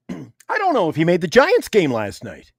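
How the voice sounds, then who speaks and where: A man's voice: sits high, wildly swooping pitch, a little slow, gravelly, husky, no room sound, clean studio sound. A middle-aged man co-hosting a sports talk show, chatting casually and laughing easily. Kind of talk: casual banter.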